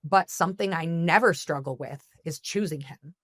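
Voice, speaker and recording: Low-voiced woman coaching earnestly. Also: moderate pace, no echo, clean studio sound. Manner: earnest, coaching, checks in with "okay?". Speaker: guest therapist. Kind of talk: podcast conversation, giving advice.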